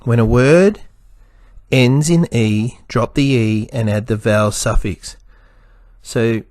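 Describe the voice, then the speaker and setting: Slow, careful male teacher sounding out letters. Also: medium pitch, a little mellow, dry recording. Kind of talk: spelling lesson for children.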